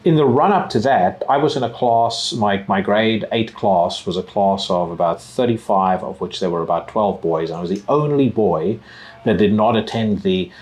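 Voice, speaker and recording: A man's voice: on the low side, normal speed, a little mellow. A man from Africa, hosting a podcast in blunt, casual talk. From South Africa. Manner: blunt, conversational, swears freely. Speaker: podcast host. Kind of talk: casual conversation. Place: in person at a music festival.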